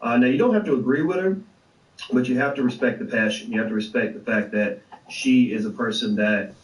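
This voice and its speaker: A man's voice: mid-range voice, brisk. A man hosting a casual livestream, talking animatedly with swearing and lots of fillers. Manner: animated, profane, many fillers and restarts. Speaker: host of an online show. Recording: echoey room, distant mic.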